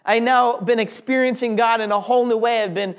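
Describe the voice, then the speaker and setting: A man's voice: extremely high pitch, steady tone, a little fast. A man telling an audience his personal faith testimony in an earnest, heartfelt way. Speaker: speaker sharing a testimony.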